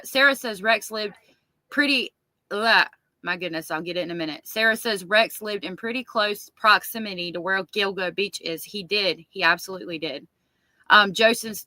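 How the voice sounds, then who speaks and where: A woman hosts a casual livestream, loud and animated as she reacts and reads comments aloud. Her voice is bright and forceful, at an ordinary pitch for a woman. The sound is close and dry, with no room around it. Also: no room sound, rough recording. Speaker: livestream host reading chat. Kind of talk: casual true-crime chat.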